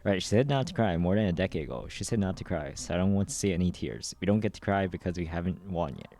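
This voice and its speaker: A man streaming a readthrough of a game's story, reading every part in a steady, even way. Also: low voice, fast talker. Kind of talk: dramatic readthrough of game dialogue.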